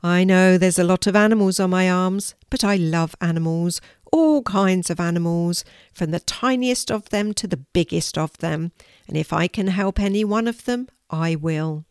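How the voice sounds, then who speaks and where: A woman reading a story gives voice to a friendly young man who cares for animals, speaking gently. The voice is lower than most women's, heard close and dry. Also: normal speed, smooth, no echo, natural voice. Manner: gentle and warm.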